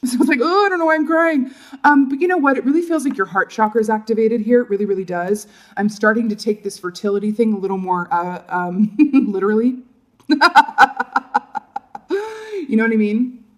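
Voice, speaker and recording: A woman's voice: medium pitch, a little fast. A woman giving a casual tarot reading, chatty and laughing often, checking in with her listeners with "right?" and "you know". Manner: laughs often while talking. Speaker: tarot reader.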